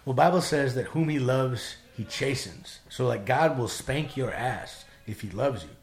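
A man tells a rough story in a loose, casual way. He is animated and profane, and he jumps into other people's voices as he goes. His voice sits at a middle pitch. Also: a little slow. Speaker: guest telling his life story.

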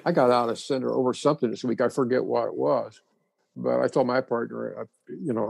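A man's voice: medium pitch, steady tone, a little fast, vocal fry, darkish tone, breathy edge, no room sound, rough recording. A man explaining ideas thoughtfully in a reflective conversation.

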